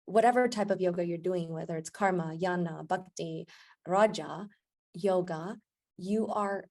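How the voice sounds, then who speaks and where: A woman with a low-pitched voice tells a story on a podcast, lively and expressive. She is a yoga instructor and chats casually, and she often acts out the voices of the people in her story. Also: a little slow. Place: podcast recording.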